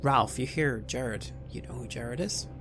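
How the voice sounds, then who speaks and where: A man acting as game master, calmly narrating scenes of a tabletop horror game to his players. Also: medium pitch, over music. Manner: measured, describing scenes to players.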